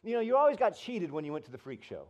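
A man preaching a sermon as pastor, telling stories conversationally and swinging from loud and emphatic to soft and hushed. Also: high voice, sing-song, very fast. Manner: conversational storytelling, swells loud then drops soft.

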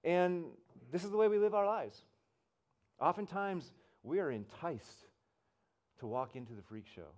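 High-voiced man preaching a sermon. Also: expressive, a little slow. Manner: conversational storytelling, swells loud then drops soft. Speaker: pastor.

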